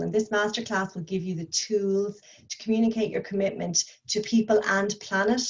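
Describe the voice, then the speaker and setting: A woman presenting a training module, brisk with some fillers. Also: mid-range voice. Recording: dull, muffled audio.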